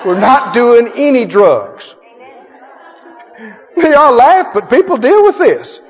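Very high-voiced, lively preacher man. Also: slow, a faint crowd. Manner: call-and-response, emphatic, chuckling. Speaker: pastor. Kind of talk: sermon. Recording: echoey hall, dull sound.

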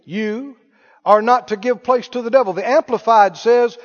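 A man's voice: very high voice, normal speed. A man preaching a sermon, emphatic, firing questions at the congregation. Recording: muffled hall recording with long reverb.

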